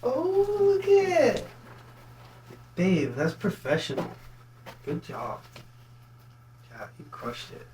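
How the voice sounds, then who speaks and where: A woman speaking as the vlogger's partner, softly giving encouraging praise from off-mic. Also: medium pitch, huge pitch swings, takes it slowly, pauses often, slight background noise. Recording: roomy, distant and off-mic.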